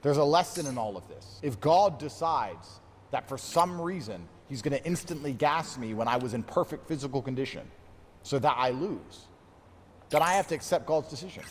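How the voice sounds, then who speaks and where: A man's voice: medium pitch, expressive, normal speed, big-room sound, slight background noise. A man in his thirties, a fighter, talking in a brooding, self-pitying monologue laced with swearing. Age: 30s. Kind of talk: emotional monologue.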